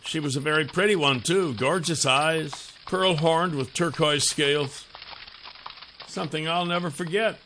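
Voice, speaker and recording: A man voicing an older male companion who is kindly and wary, speaking softly and gently. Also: on the high side, measured pace, a little hiss or hum, voice pushed up. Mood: gentle.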